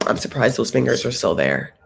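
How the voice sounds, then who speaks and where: A woman hosting a casual TV recap, talking in an animated, sassy, chatty way. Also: rumbling low, fairly quick, gravelly, breathy edge. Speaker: host.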